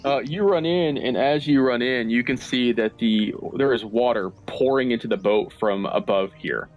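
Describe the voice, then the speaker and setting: A game master narrates the scene in a measured, filler-heavy way, now and then dropping a swear. His voice is a middling man's pitch, recorded through a voice-chat mic with faint background music. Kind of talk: narrating a tabletop game over an online call. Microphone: online voice-chat mic.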